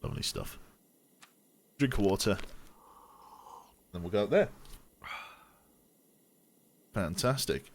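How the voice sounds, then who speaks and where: A young man from the Birmingham area with a plain English accent gives chatty, unhurried live-stream commentary, thanking viewers as he plays. His voice sits very low, yet his intonation moves up and down a lot. A faint hiss runs under the recording. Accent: English, non-regional. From Birmingham area, England. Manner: chatty, relaxed, thanks viewers between game narration.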